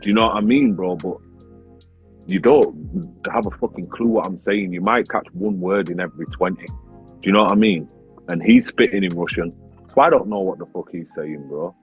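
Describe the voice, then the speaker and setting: A man, a grime artist and battle rapper telling a story in a casual interview, animated, swearing often and saying "bro" all the time. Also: deep voice, moderate pace, husky. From Leeds, England. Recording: tinny phone-like sound with faint music.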